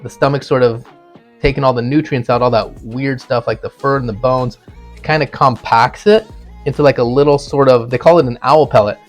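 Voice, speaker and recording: A man's voice: mid-range voice, fairly even intonation, a little fast, faint music behind. Rambling male podcast host. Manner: rambling, conversational, many fillers and asides. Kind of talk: casual solo podcast monologue.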